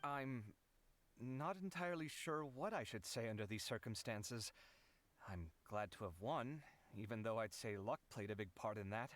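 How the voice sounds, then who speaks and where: A man's voice: medium pitch, animated, moderate pace, natural voice. A man voicing a tired, modest young architect who talks hesitantly and sighs in a game cutscene. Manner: hesitant, sighing. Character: weary young male architect, modest, drained.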